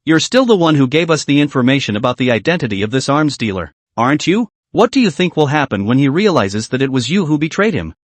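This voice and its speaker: A man voicing a scheming male military officer in a comic recap, speaking calmly with a sly, pressuring manner. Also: medium pitch, quick pace, few pauses, dry recording.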